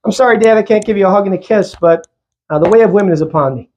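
A man's voice: high voice, very fast, darkish tone, slight background noise, natural voice. A man voicing a young woman who casually apologizes to her father. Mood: apologetic.

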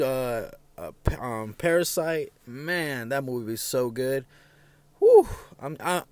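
A young man talking casually on his own podcast from his parked truck, frank and profane, stumbling over fillers and restarts and getting loud and heated when he rants. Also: mid-range voice, dry recording. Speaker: podcast host. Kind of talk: casual solo venting podcast.

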